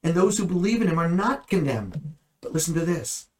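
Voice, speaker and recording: A man's voice: on the high side, very animated, a little fast, poor audio. A man teaching the Bible in a conversational way, earnest and at times emphatic. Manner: earnest, rising to emphatic bursts.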